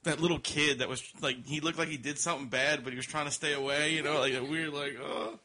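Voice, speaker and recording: A man's voice: a little high, fairly even intonation, fast talker, bright, forceful tone. A man co-hosting a podcast, chiming in and laughing during casual banter. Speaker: podcast co-host.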